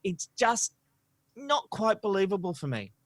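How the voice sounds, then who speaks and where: A man co-hosting a casual podcast, his voice slightly on the high side and recorded close and dry. He talks in an animated, opinionated way, leaning on "you know" and "um" as he makes his points. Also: a little slow, no room sound. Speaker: podcast co-host. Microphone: studio microphone.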